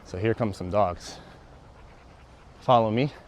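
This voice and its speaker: A man's voice: slow, a little hiss or hum. A young man, a dog trainer, talking casually through each step of a training session while walking his dog outdoors. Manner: explains steps aloud, breaks into high excited praise for the dog. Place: outdoors on a walking path and grass.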